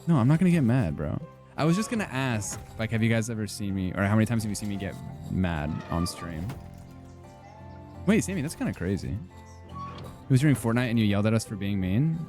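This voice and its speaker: A young man with a low, mellow voice talks casually while streaming a game. He rambles through his thoughts with constant fillers and self-deprecating jokes, and faint music plays behind him. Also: lively intonation, brisk. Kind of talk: casual gaming stream chat.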